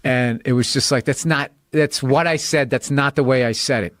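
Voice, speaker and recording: A man's voice: mid-range voice, normal speed, no room sound. A man hosting a casual podcast chat, swearing freely and laughing through his stories. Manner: profane, storytelling, laughs a lot. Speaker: podcast host.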